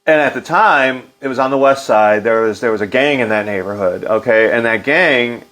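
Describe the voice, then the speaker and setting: A middle-aged man with an animated storytelling manner, loose and full of fillers, acting out quotes in a livelier voice. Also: mid-range voice, normal speed. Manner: loose, filler-heavy delivery. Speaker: interview guest. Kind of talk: casual storytelling.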